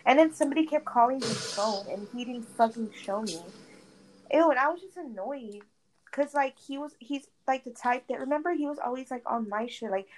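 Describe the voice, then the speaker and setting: A woman's voice: high-pitched, normal speed, poor audio. A young woman telling a friend a dramatic story in casual chat, full of "like" fillers and swearing. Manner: animated gossiping, heavy "like" fillers, frequent swearing. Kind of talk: casual chat while gaming. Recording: faint background noise.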